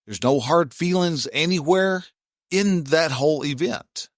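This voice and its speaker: A man's voice: on the high side, measured pace, no room sound. Plainspoken man, dry close sound. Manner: plainspoken, folksy, mild cursing. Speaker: self-help podcast host. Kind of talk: casual motivational talk.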